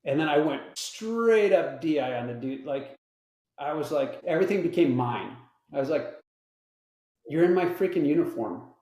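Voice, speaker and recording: A middle-aged man, a guest on an interview show, telling a story in a casual, lively, profane way and acting out the people in it. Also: fairly high pitch, normal speed. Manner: animated, profane, acts out the people in his stories. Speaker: interview guest, veteran and film technical advisor. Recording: roomy echo.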